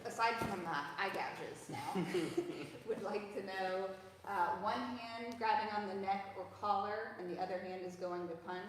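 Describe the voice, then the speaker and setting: A woman reading viewer questions out slowly to an instructor, recorded in an echoey hall from a distance. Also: medium pitch, a little hiss or hum. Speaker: question reader.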